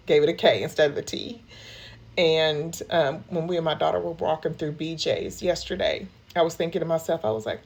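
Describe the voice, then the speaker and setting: A woman's voice: fairly low pitch, steady tone, normal speed, creaky, darkish tone, breathy edge. A woman who works as a grief counselor, speaking candidly and emotionally to her viewers and often calling them y'all. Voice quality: emotional, open, addresses listeners as y'all. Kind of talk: candid personal talk to viewers.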